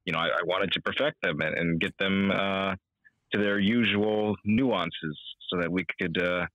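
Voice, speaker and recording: A young man, a voice actor guest on an interview podcast, talking in an animated way and slipping into character voices. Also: low-pitched, moderate pace, no room sound, dull audio. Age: young adult. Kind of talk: casual interview.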